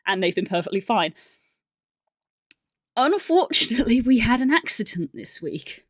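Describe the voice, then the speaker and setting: A woman's voice: on the high side, big pitch swings, moderate pace, dry recording, studio quality. Chatty young woman streamer telling a story. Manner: rambling and chatty, many fillers and restarts. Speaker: livestreamer. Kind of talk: casual story time.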